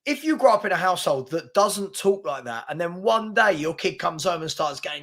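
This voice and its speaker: A man co-hosting a football podcast, telling stories in a casual, excitable, incredulous way. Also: sits high, moderate pace. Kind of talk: casual chat.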